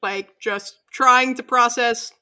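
A woman's voice: a little high, steady tone, slow pace, pushed and bright. A woman running a tabletop game as game master, narrating casually with frequent fillers.

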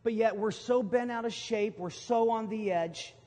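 A middle-aged man preaching a sermon as pastor, storytelling with emphatic, sudden loud bursts. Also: sits high, moderate pace. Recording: long hall reverb from a sanctuary.

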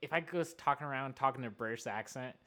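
A man's voice: mid-range voice, fast talker, bright, forceful tone. A man co-hosting a casual chat show, rambling and giggly, saying "like" constantly. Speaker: podcast co-host.

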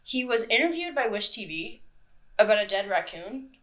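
A woman hosting a casual true-crime podcast, chatty and quick to swear and laugh. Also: medium pitch, very animated, fairly bright tone. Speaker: podcast host.

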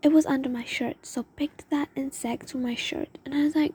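A woman's voice: sits high, fairly even intonation, fairly quick, mellow. A young woman telling a rambling, emotional story in a confessional vlog, often dropping into a whisper. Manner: rambling, emotional, lots of "oh my God". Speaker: vlogger.

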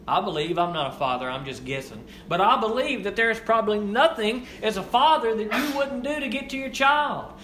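Young male preacher, high pitch, hushed-to-raised sermon delivery, faint room ambience. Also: reverberant, a little hiss or hum. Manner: emphatic repetition, swings between hushed and raised delivery.

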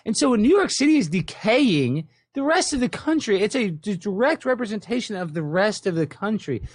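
A man from Texas hosting a casual podcast chat, excitable and animated, often stumbling over repeated words. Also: high-pitched, fairly quick, dry recording. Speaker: podcast host.

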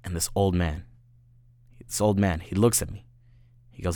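A man's voice: sits low, moderate pace, no room sound, clean studio sound. A man, a podcast guest, telling a story in casual chat and saying "bro" and "right?" again and again. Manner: animated, peppers speech with "bro" and "right?".

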